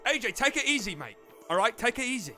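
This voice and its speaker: A man putting on a loud mock-Aussie bloke. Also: very high voice, big pitch swings, faint music behind, pitched above the performer's own voice, full character voice. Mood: cocky teasing. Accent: exaggerated put-on Australian. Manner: shouty, drawn-out, swearing. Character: loud mock-Australian bloke, cocky and teasing.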